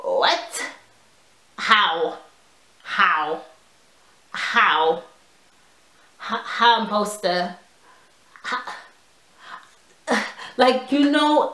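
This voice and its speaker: A young woman telling a storytime vlog in a casual, animated way, full of "like" and quoted dialogue. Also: medium pitch. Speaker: vlogger. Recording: echoey room.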